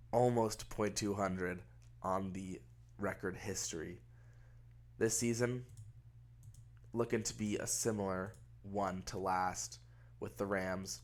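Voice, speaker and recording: A young man with a nasal, stuffed-up voice from a cold, casually commentating a baseball management game with rambling, wry asides. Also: fairly low pitch. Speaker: gaming video host.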